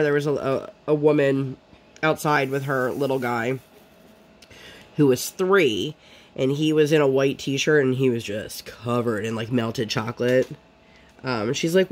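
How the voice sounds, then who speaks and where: A woman vlogger chatting casually while she crafts, rambling and full of fillers. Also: deep voice.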